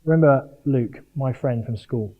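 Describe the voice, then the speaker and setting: A middle-aged man from Jersey giving a sermon at a Christian sports event, earnest and animated with self-mocking humour. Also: mid-range voice, measured pace. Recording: dull lo-fi live talk recording.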